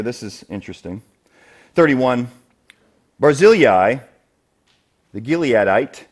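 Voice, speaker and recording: Guy preaching in church, talky and animated, shoots way up loud when he quotes people then gets low and earnest, mid-pitched voice. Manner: animated, acts out quoted voices with big jumps in pitch and loudness; conversational, drops to a quiet earnest tone for exhortations. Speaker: preaching elder. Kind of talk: expository sermon. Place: church sanctuary.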